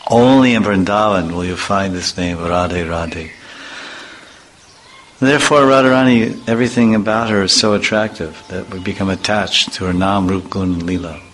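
A man giving an informal devotional talk in a bright, forceful voice, chatty and playful as he tells stories. A faint hum sits under the recording. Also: low voice, moderate pace, rough recording. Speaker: devotional speaker. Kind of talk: informal religious talk with anecdotes.

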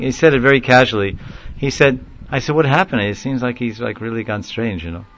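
A man telling a long story in a casual, rambling way, often laughing and getting animated when he quotes people. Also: mid-range voice, a little fast, dull audio, slight background noise. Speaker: speaker recounting a story in a class. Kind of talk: informal storytelling talk.

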